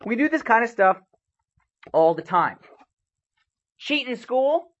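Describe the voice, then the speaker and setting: A man preaching a sermon, telling stories with lively bursts of loudness and sudden drops. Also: very high voice, slow, muffled recording. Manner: animated storytelling with sharp swings in loudness.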